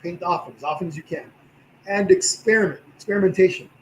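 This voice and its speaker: Male painting instructor, slightly raised pitch, tired voice, encouraging, roomy live-stream sound. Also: fast, slight background noise. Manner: relaxed, encouraging, talks while working. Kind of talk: livestream painting tutorial.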